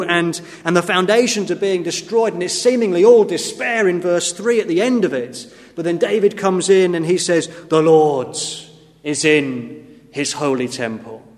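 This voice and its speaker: A man delivers an earnest, emphatic sermon in a fairly high voice. He swells loud on key phrases and drops low on others, and a long church reverb trails behind every word. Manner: earnest, emphatic preaching with sudden rises and drops in volume. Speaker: preacher.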